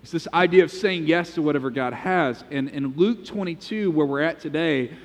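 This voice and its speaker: Man, pastor, sermon, animated storytelling, higher voice, big reverberant church. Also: normal speed. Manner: animated storytelling, acts out quotes. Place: church sanctuary.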